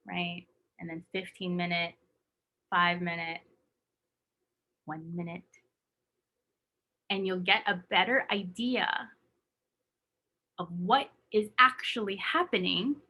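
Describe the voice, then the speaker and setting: A woman's voice: medium pitch, bright, forceful tone. A woman coaching her team in a motivational talk, emphatic and acting out her own inner voice.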